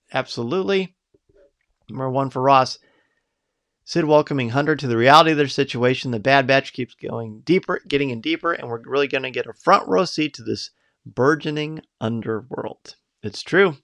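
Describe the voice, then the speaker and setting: A man's voice: medium pitch, fairly bright tone. A man hosting a live podcast, reading out viewers' picks in an upbeat, chatty way. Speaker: podcast host.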